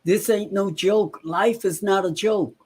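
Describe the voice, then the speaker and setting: Male motivational co-host, high voice, slow and preachy delivery. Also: fairly even intonation, darkish tone, breathy edge. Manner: preachy, repeats lines for emphasis. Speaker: podcast co-host. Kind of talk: motivational talk.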